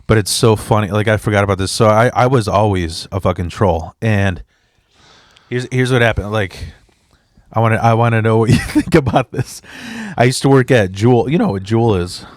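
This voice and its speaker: Recorded in studio quality with no room sound, an immigrant standup comic guests on a podcast and speaks in a lowish voice at normal speed. His casual storytelling is rambling, profane, and animated, with him voicing both sides of the exchanges.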